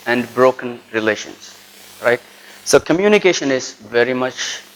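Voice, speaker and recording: Indian-accented male lecturer, mid-pitched, teaches a class and checks in with a steady "right?". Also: poor audio. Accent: Indian English. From Tirunelveli, South India. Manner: tags nearly every sentence with a checking "right?". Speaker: college lecturer.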